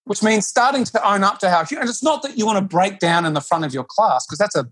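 A man talks earnestly as a guest on a yoga podcast. He often stops and restarts as he works through an idea. His voice is husky and breathy, and it is recorded dry and close. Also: high-pitched, animated, fast, a bit bright, no room sound. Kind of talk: reflective conversational interview.

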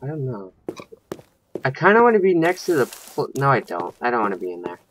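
A man's voice: medium pitch, sing-song, fairly quick, a bit bright, slight background noise. Jumpy young man narrating a game. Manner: jumpy, thinks aloud, swears when startled. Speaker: gaming channel host. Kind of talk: let's play commentary.

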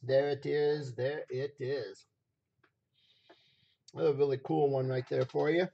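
A hoarse man running a live stream auction, repeating phrases as he hypes each item from a basement room. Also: medium pitch, little pitch movement, a little slow, dull audio.

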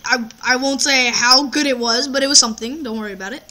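A man's voice: very high voice, fast, crowd noise. A teenage boy chatting casually while playing a game, teasing his friend and bragging with lots of stumbling restarts. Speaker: Minecraft player. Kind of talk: casual gameplay chat.

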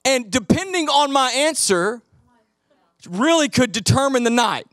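A middle-aged man preaching a sermon as pastor, telling animated stories and acting out the voices in them. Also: extremely high pitch, measured pace, no room sound, clean studio sound. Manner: animated storytelling, acts out quoted voices.

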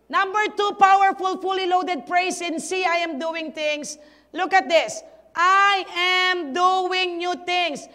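A woman's voice: high voice, a bit bright, big-room sound. A woman pastor with a Filipino accent, preaching a sermon and urging her congregation on. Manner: switches between Tagalog and English, urges the congregation, emphatic. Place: church hall.

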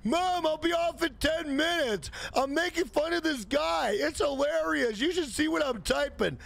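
A man's voice: extremely high pitch, normal speed, vocal fry, fairly bright tone, pitched above the performer's own voice, exaggerated voice. A man voicing a whiny young man-child who pleads with his mother to stay online. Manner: whining, pleading.

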